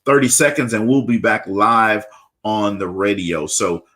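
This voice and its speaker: A man's voice: on the low side, a little slow, fairly bright tone. A man from Louisiana hosting a live radio talk show, upbeat, often stammering and repeating words.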